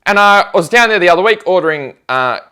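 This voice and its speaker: A man talks fast in a fairly high, very lively voice, telling stories in a relaxed chat. He acts out the back-and-forth of conversations as he goes. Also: clear, resonant tone. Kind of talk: casual storytelling chat.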